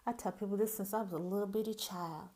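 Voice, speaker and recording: A woman's voice: mid-range voice, fairly even intonation, quick pace, a little mellow. Candid Southern woman with a folksy style. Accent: Southern US (Mississippi). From Mississippi, US. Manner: candid, folksy, calls listeners "baby". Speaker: podcast host. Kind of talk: personal monologue.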